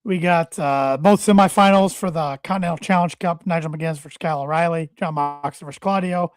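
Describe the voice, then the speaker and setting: A man co-hosting a casual wrestling podcast, talking in a halting way and often repeating his words. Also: a little high, fairly even intonation. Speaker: podcast co-host.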